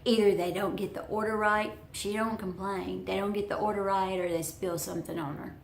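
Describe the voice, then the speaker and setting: A woman's voice: mid-range voice, fairly even intonation, moderate pace, gravelly, few pauses, roomy sound, a little hiss or hum. A woman telling a personal story to her viewers in a chatty, folksy way. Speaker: vlogger. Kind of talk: storytelling vlog.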